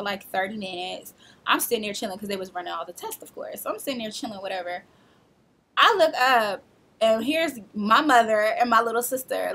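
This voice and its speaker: A woman in her twenties tells her own story straight to camera, talking casually and with lots of life. She acts out the people she quotes and laughs often as she goes. Her voice sits at an ordinary middle pitch. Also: a bit bright, slightly rough. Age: 20s. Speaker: vlogger.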